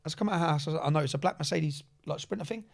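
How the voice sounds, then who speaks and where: Guy rattling off a story, really quick, keeps saying yeah? and bruv, voice sits a bit high. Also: creaky. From England. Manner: rapid, animated, peppered with "yeah?" and "bruv". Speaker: podcast guest. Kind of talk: casual storytelling.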